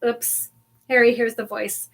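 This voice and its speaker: A high-pitched woman co-hosts a live podcast, recapping a book chapter in relaxed chat. She is animated, laughs often, and slips into quick impressions of the characters as she goes. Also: gravelly. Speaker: podcast co-host.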